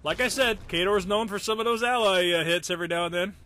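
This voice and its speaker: A man giving live, joking commentary over a friend's tank battle, reacting loudly to hits and misses and teasing the player. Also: high voice, quick pace. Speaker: gameplay commentator.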